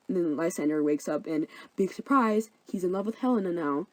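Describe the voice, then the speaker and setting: A woman's voice: fairly low pitch, brisk, few pauses, a little mellow, no room sound, low-quality recording. Flippant young woman narrating. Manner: flippant, slangy. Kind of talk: comedic story summary.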